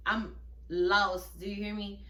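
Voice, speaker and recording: A woman's voice: mid-range voice, flat delivery, slow, sharp tone. A young adult woman telling a personal story on her vlog in a casual storytime style, brash, emphatic and profane, talking straight to her viewers. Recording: echoey room.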